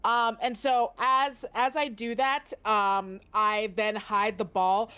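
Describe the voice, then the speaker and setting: Giggly high-voiced woman player. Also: steady tone, slow, hardly any pauses, bright, forceful tone, smooth, dry recording. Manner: hesitant, giggly, many ums. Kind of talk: tabletop game play.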